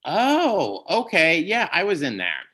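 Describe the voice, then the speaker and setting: Man, 40s, podcast guest, lively pitch, bright tone, storyteller who does impressions. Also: takes it slowly, poor audio. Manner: animated storyteller, slips into impressions of people. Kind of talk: casual chat.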